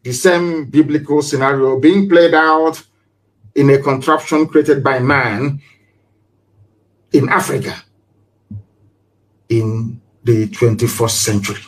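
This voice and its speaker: A man's voice: medium pitch, slow pace, long pauses, poor audio. A man giving an impassioned live broadcast speech as a political leader, repeating himself for emphasis and firing off rhetorical questions. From Nigeria.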